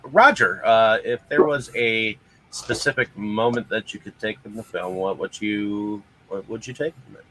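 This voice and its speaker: A man hosting a casual group discussion, halting and full of filler sounds. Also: on the low side, fairly bright tone, a little hiss or hum, rough recording. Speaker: discussion host.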